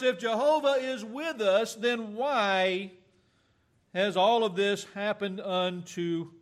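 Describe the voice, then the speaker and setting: A man preaching a sermon, reading scripture aloud in a slow, earnest way with fillers and small self-corrections. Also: high voice, a bit bright.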